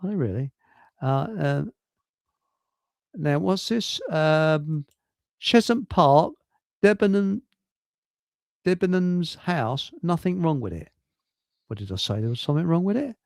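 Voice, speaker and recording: An older man with a gravelly, somewhat high voice that swoops up and down as he tells jokes. He rambles, chuckles, and reads chat aloud. The sound is dry and close. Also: expressive, unhurried, pauses often, dry recording. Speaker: livestream host. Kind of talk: casual chat telling jokes.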